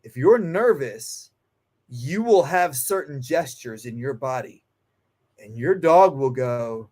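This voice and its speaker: Lively-voiced man, animated dog trainer. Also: mid-range voice, slow pace. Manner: animated, acts out anxious and calm voices to make a point. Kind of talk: casual interview talk.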